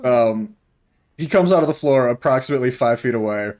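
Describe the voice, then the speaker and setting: A young man narrates as game master of a tabletop fantasy game. He talks loosely, piling on fillers and asides as he describes the scene, in an average-pitched, everyday voice. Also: expressive, brisk, darkish tone.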